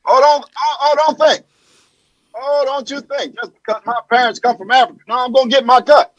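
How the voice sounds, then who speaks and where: A man doing a measured, pausing ex-president. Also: very high voice, steady tone, a bit bright, dry recording, dull audio, voice pushed up. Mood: joking. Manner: deliberate, halting pauses. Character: measured, professorial former male president. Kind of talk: celebrity impression.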